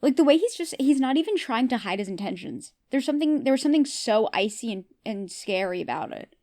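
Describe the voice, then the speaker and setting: A woman's voice: fairly high pitch, lively intonation, brisk, dark tone. A woman hosting a podcast who recaps a TV episode in a casual, opinionated way and often asks her listeners questions. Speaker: podcast host.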